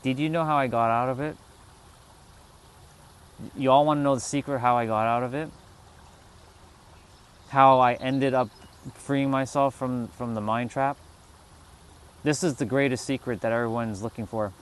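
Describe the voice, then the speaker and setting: Casting: a man streaming outdoors, casual and profane spiritual storyteller, mid-pitched voice. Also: steady tone, moderate pace, long pauses, smooth. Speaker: livestream host. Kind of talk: spiritual talk to a live chat. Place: outdoors, sitting on a rock.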